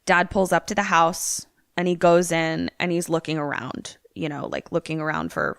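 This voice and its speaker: A young woman co-hosting a podcast, casually retelling a movie plot in an animated way with some swearing. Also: lowish voice, moderate pace, gravelly, smooth, no echo, studio quality. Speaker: podcast co-host. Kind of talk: casual storytelling.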